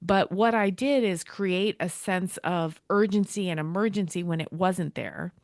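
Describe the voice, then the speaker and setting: A middle-aged American school leader appears as a podcast guest in a casual interview, speaking a little slowly in a fairly low voice. She tells stories with animation, acting out the quoted dialogue. The studio-quality audio has no room sound.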